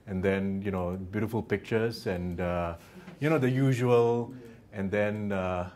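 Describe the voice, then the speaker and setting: A man with a New Zealand accent giving a university lecture, halting with many restarts and fillers and dropping in joking asides. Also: on the low side, a little mellow, slight background noise. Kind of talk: academic lecture. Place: lecture theatre.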